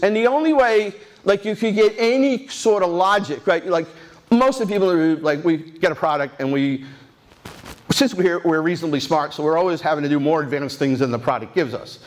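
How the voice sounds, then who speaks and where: A man in his sixties giving a rambling, animated talk at a tech conference, telling stories with many restarts and asides. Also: high-pitched, moderate pace. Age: 60s. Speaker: conference speaker. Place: conference stage.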